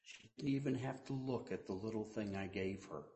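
A man preaching a sermon as pastor, telling stories and quoting people in hushed voices, then rising to loud emphasis. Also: fairly low pitch, brisk. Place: church sanctuary. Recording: echoey church room.

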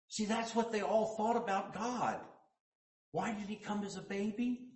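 Male pastor, sermon, unhurried delivery, slightly high voice, echoey church room, storytelling with hushed quotes. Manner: storytelling preacher, quoting others in hushed voices, rising to loud emphasis. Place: church sanctuary.

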